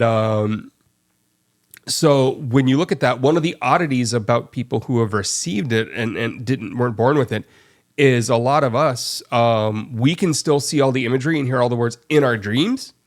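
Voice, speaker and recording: A man's voice: medium pitch, normal speed. A man hosting a live stream, talking in a loose, rambling way with plenty of fillers. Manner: rambling storyteller with many fillers. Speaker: stream host. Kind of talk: casual chat.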